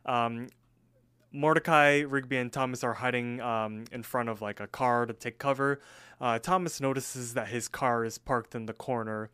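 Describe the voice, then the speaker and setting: A man's voice: medium pitch, fairly even intonation, moderate pace, a bit bright, smooth. A man co-hosting a podcast, chatting hesitantly about a cartoon episode with many ums and restarts. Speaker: podcast co-host. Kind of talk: casual chat and episode recap.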